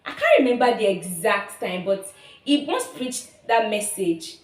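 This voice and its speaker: A woman's voice: mid-range voice, very animated, unhurried. A young woman in her twenties with a Nigerian accent, sharing a personal testimony on her vlog in an earnest, emotional way, often repeating herself. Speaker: vlogger. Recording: roomy echo.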